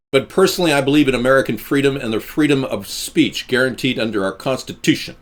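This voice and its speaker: A man hosting a live stream, talking to his viewers in a sarcastic, ranting, jokey way and swooping between high and low voices.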